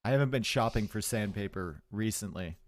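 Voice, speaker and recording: An esports caster gives casual live commentary on a strategy game from his home streaming setup, chatting and joking with his viewers. His voice is lowish and his pace is brisk.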